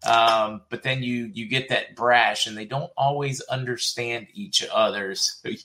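Chatty Southern man with a bright voice. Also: medium pitch, steady tone, unhurried. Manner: chatty, laughs often, jumps between comments. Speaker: host reading viewer comments. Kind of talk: casual livestream chat.

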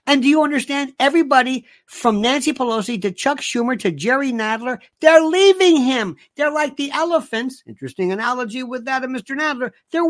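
A man hosting his own show, delivering an emphatic, opinionated monologue and repeating himself for emphasis. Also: very high-pitched. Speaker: show host.

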